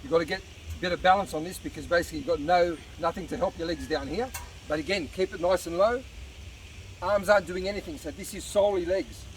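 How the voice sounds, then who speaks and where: This fitness coach talks fast in a high voice, encouraging viewers as he works out at an outdoor beach park and gets slightly out of breath. It's a casual demonstration, recorded on a distant outdoor mic with traffic noise behind him.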